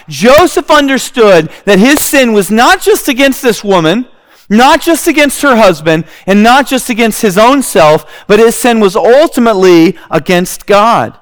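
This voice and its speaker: A man delivers a sermon, telling the story with lively animation. His voice sits high and swings widely in pitch, full of expression. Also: unhurried. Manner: animated storytelling, acting out scenes with kids. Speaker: preacher.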